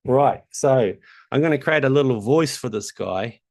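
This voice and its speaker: A man's voice: medium pitch, a little mellow. A man with a New Zealand accent giving a chatty, casual tutorial with lots of ums. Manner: chatty, loose, many ums. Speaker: tutorial host. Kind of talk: casual screen-share tutorial.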